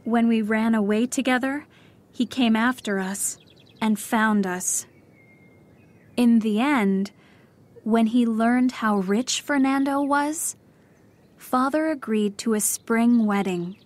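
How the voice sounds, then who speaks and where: A lonely young woman in mourning speaks softly and wistfully, as a woman reader puts her on. Her voice sits above the narrator's and moves slowly. It is a quiet storybook voice. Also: a little high, voice pushed up. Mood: sorrowful.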